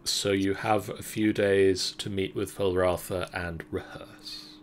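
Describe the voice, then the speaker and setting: A man running a tabletop game as game master, speaking in a dry, laid-back way with pauses. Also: low voice, little pitch movement, a little hiss or hum.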